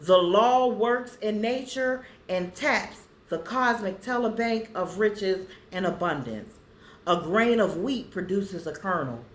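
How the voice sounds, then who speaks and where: A woman vlogger casually talking to viewers and slowly reading affirmations aloud so they can write them down. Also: medium pitch, a bit bright, roomy sound, a little hiss or hum. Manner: slow, deliberate reading for viewers to copy.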